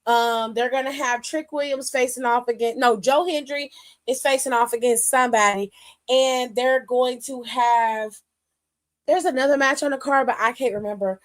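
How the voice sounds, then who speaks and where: A woman's voice: sits high, fairly bright tone. A woman hosting a wrestling aftershow, talking casually, bluntly and with plenty of swearing. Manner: blunt, profane, opinionated. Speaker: wrestling show host.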